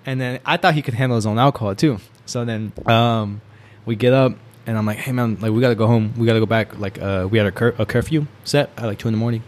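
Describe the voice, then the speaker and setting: Young adult male, casual storyteller, rapid and rambling with filler words, laughs a lot. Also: mid-range voice. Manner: laughs often while telling. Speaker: storyteller guest.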